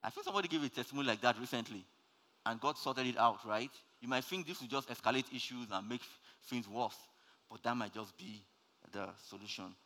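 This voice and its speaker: Preaching at a brisk clip, a man delivers his sermon in a bright, forceful, middle-pitched voice. He moves between loud, climbing calls and quiet, low asides. A long reverb carries his words, like sound filling a big church hall.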